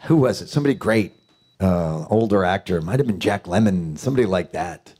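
A middle-aged man from New York chats with an audience at a panel Q&A. His voice sits fairly low but moves a lot as he tells animated stories. He laughs his way through quick asides. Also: breathy edge. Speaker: actor, panel guest. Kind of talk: casual storytelling at a panel Q&A.

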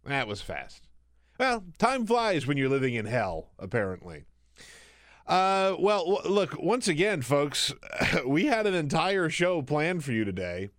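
A man's voice: on the high side, wildly swooping pitch, measured pace, a bit bright, dry recording. A man hosting a talk radio show, speaking casually and sarcastically from a radio studio, riffing and laughing about the news.

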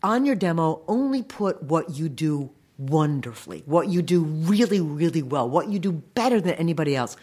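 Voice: medium pitch, sing-song, normal speed, hardly any pauses, dark tone, husky. A middle-aged animation voice director giving emphatic, practical career advice in an interview.

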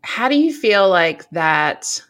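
A woman's voice: medium pitch, very animated, takes it slowly, a bit bright. A woman from the American South hosting a podcast interview, talking casually and praising her guest effusively with many fillers. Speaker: podcast host.

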